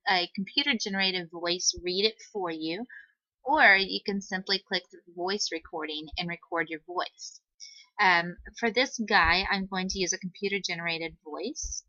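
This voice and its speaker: A woman teacher giving a patient, step-by-step screen-recorded software tutorial on a computer microphone, with "um" fillers. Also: medium pitch, no room sound, muffled recording.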